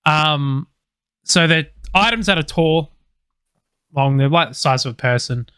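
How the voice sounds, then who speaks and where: A man's voice: a little high, measured pace, a bit bright, smooth, no room sound, studio quality. Sweary guy telling a story. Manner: loose, sweary storytelling with many fillers. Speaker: podcast co-host. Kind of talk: casual chat, storytelling.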